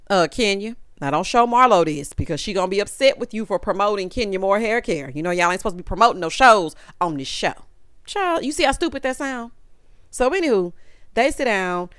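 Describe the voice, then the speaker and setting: A woman's voice: mid-range voice, smooth, no echo, studio quality. Sassy woman recapping reality TV. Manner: sassy, animated, calls viewers honey and child. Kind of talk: casual recap commentary.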